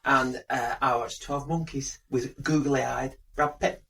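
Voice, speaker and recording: A man's voice: medium pitch, steady tone, takes it slowly, creaky, a bit bright, distant mic. A man, co-hosting a podcast and chatting in a rambling, joking way. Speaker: podcast co-host. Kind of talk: casual chat.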